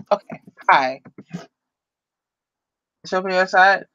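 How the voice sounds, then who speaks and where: A woman's voice: lowish voice, measured pace, long pauses, fairly bright tone, no room sound, muffled recording. A woman chatting on a live stream in a rambling, flustered way, often laughing at herself. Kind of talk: casual live-stream chat. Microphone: computer microphone.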